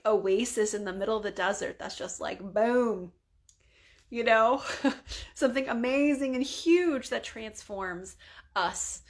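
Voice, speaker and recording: An earnest woman leads a spontaneous spoken prayer, talking casually with frequent fillers and sometimes sinking to a soft near-whisper. Her voice is gravelly with vocal fry and sits a little high. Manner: earnest, conversational, full of "you know" and "like". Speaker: prayer leader.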